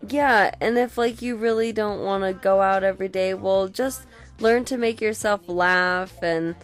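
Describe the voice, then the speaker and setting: A woman's voice: mid-range voice, fairly even intonation, a little slow, faint music behind. A woman co-hosting a podcast in casual chat, laid-back, laughing often and swearing. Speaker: podcast co-host.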